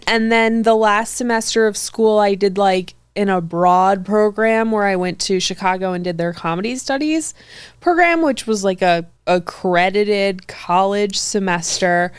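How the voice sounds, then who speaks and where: A woman's voice: mid-range voice, unhurried, clean tone, dry recording. A woman comedian and TV writer, a podcast guest chatting casually and playing characters in her stories. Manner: playful, acts out quotes in put-on voices. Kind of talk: casual chat.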